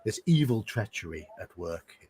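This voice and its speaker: A man voicing a tall, red-bearded ship captain, reading his lines in a solemn, measured way with a lively, husky voice. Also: lowish voice. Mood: grave.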